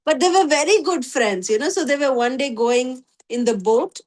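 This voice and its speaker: High-voiced woman teacher; relaxed storytelling class talk. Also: moderate pace. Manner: conversational, many "you know" fillers. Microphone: video call.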